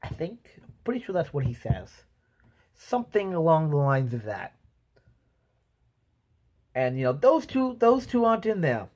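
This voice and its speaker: A man's voice: fairly high pitch, big pitch swings, normal speed, pauses often, darkish tone. A man giving a casual movie review, rambling with lots of "um" and "you know" and acting out sound effects as he talks. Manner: voices sound effects and quotes while telling.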